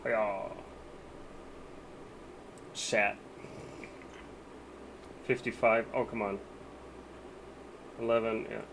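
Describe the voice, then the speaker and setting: A man's voice: on the low side, flat delivery, very slow, vocal fry, long pauses, a bit bright, slight background noise. A man live-streaming a game, chatting casually with his viewers and thinking aloud about what to buy.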